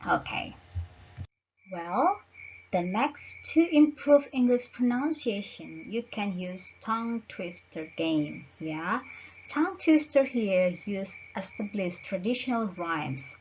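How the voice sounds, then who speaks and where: A woman teaching an online lecture, slowly searching for words with frequent fillers. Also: medium pitch, expressive, darkish tone, lo-fi sound, a little hiss or hum.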